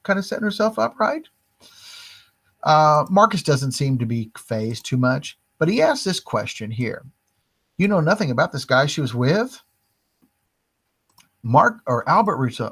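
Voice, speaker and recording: A man's voice: a little high, expressive, measured pace, fairly bright tone, husky. Chatty male teacher, often asks "right?". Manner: chatty, frequent "right?" and "like", acts out quoted lines. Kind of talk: casual literature lesson walkthrough.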